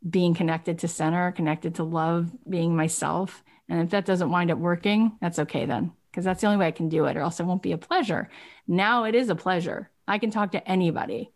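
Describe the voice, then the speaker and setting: A woman business coach on a group coaching call, talking emphatically and repeating rhetorical questions. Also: lowish voice.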